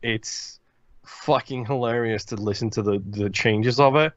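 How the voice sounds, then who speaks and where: A man's voice: medium pitch, unhurried, no echo, muffled recording. A man from Liverpool, co-hosting a podcast in a blunt, rambling, profane way. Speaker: podcast co-host. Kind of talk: casual chat.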